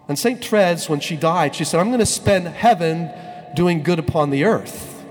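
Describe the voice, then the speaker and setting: A man, a priest, telling a story in a sermon, slowing down and stretching words to stress them. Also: on the high side, big-room sound. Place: church.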